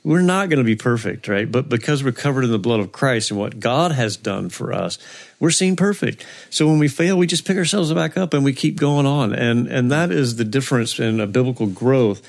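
A man's voice: medium pitch, animated, normal speed, gravelly. A man co-hosting a faith-based recovery podcast, talking earnestly and quoting scripture like a preacher.

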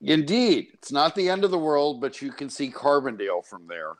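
A man's voice: fairly high pitch, animated, moderate pace. A man hosting a radio talk show from a studio, speaking in chatty, digressive banter. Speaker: radio host.

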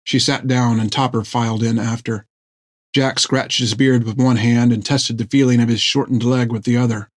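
A man reads an adventure story aloud in steady, scripted narration. His delivery is even and measured, at a middling pitch. The recording is dry and close. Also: dry recording. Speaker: audiobook narrator.

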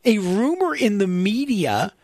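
A man's voice: sits high, big pitch swings, unhurried, darkish tone, no echo, clean studio sound. A man hosting a casual interview, playful and teasing, full of jokey asides. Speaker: interview host.

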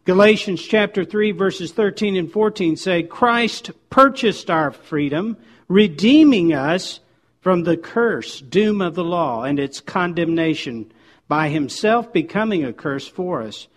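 A man's voice: high voice, lively intonation, a little slow. Emphatic preacher man. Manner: emphatic, repeats key words for stress. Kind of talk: sermon.

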